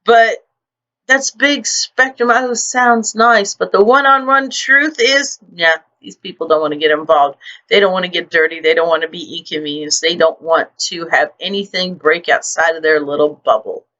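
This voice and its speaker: A woman's voice: sits low, normal speed, a bit bright, highs cut off. A woman writer hosting her own vlog, ranting in a blunt, profane and indignant way into her computer microphone.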